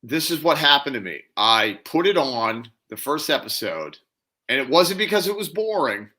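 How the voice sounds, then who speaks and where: A man co-hosting a casual chat show, enthusiastic and relaxed. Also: on the high side, normal speed. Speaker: co-host.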